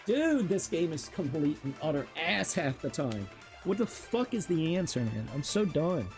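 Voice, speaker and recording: A man's voice: fairly high pitch, big pitch swings, moderate pace, a little mellow, faint music behind. A male streamer cursing and ranting in frustration during a live gameplay stream.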